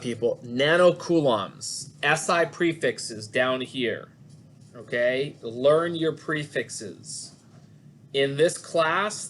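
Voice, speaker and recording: A man's voice: medium pitch, fairly bright tone, a little hiss or hum. Chatty man giving an online physics lecture. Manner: chatty, jokey asides to students. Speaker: physics instructor.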